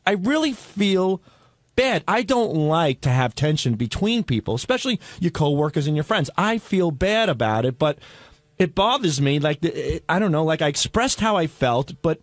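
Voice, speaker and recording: A man's voice: fairly high pitch, sing-song, moderate pace, no echo. A man in casual studio banter, defensive and rambling, laughing often as he explains himself. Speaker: regular show staffer.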